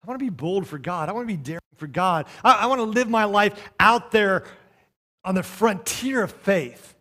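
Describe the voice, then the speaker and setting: High-voiced male pastor preaching. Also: expressive, normal speed. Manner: preacherly, swings between soft and loud, quotes scripture. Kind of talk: sermon.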